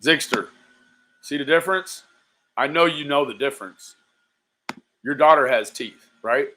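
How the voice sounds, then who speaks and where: A man's voice: mid-range voice, a little slow, pushed and bright, a little hiss or hum. A man hosting a livestream, talking casually, profane and taunting, calling out to viewers by nickname. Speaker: livestream host.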